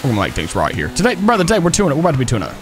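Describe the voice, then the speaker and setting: A man's voice: a little high, very fast, over music. A man roleplaying a police officer on a stream, joking with fellow players. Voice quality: lively, joking, talks to chat.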